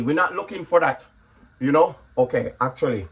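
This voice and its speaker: A man's voice: on the high side, lively intonation, moderate pace, fairly bright tone, breathy edge. A man talking casually through a home cooking video, often checking in with "okay?" as he explains. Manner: chatty, repeats "okay?" often. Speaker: comedian and cooking vlogger. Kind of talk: casual cooking vlog chat. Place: home kitchen.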